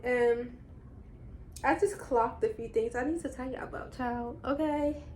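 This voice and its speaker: A young woman vlogger talks straight to her audience in a loose, rambling way, jumping into side comments as she recaps. Her voice sits a little high, with a faint hiss of noise behind it. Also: darkish tone. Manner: chatty, rambling recap with quick asides. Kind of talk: casual chat.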